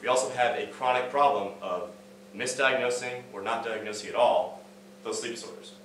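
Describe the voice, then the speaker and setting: A man's voice: mid-range voice, normal speed, a bit bright, slight background noise. A young man, a student, giving a casual, story-driven talk on stage with many fillers and restarts. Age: young adult. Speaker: student speaker. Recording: echoey hall, mic at a distance.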